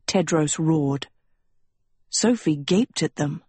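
A woman narrating an audiobook chapter in a measured, even storytelling manner. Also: low-pitched, slightly rough, dry recording. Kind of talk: scripted narration.

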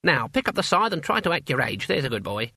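A man voicing a brisk old witch woman. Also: a little high, big pitch swings, creaky, bright, forceful tone, breathy edge, no room sound, clean studio sound, exaggerated voice. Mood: calm. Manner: matter-of-fact, fussy, briskly practical. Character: frail, bent, elderly witch woman, brisk and unflappable. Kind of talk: audiobook character voice.

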